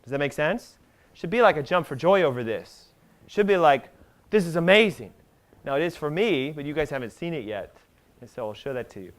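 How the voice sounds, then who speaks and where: Fast-talking, animated man lecturing. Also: on the high side. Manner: emphatic, rapid-fire, asks the audience questions. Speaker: health speaker at a live seminar. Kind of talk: animated seminar lecture to a live audience. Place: seminar room with an audience.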